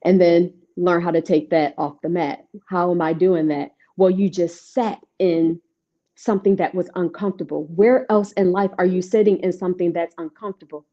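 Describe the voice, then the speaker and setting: A woman yoga instructor talking in an interview, telling her story in an animated, conversational way. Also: lowish voice, moderate pace. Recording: dull lo-fi audio.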